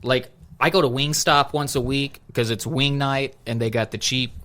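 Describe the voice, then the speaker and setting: Bright-voiced man telling a story. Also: medium pitch, moderate pace. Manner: animated storytelling, acts out quoted exchanges; says "dude" and "bro" a lot. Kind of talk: casual chat.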